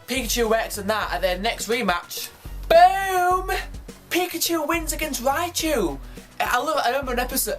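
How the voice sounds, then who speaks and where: A man chatting casually in a vlog, excitable and rambling, often restarting his sentences. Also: high-pitched. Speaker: vlogger. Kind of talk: casual chat.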